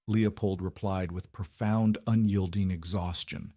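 Low-voiced male story narrator. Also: a little slow, a little mellow, no room sound, clean studio sound.

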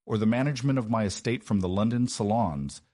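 A formidable duke, as a male storyteller plays him, lethally calm and commanding with a husky edge. It is read close and dry for a storybook. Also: fairly low pitch, brisk, no room sound. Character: formidable, furious young duke.

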